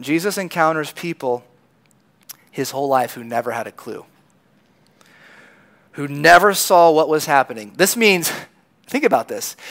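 A man's voice: sits high, fairly bright tone, smooth. A man preaching a sermon in a conversational storytelling manner, acting out the lines of people in the crowd. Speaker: pastor.

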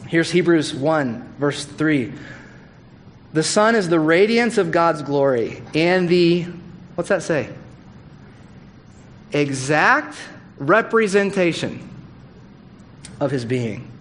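Male pastor, slightly higher voice, chatty candid sermon delivery, faint background hiss. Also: takes it slowly, pauses often. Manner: conversational, candid, animated with asides. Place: church hall.

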